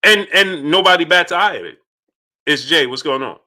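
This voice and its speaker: Bright, emphatic male live-stream host. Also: fairly high pitch, expressive, normal speed. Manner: greets chat viewers by name between points; emphatic, repeats key points. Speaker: boxing channel host. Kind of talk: live-stream boxing talk.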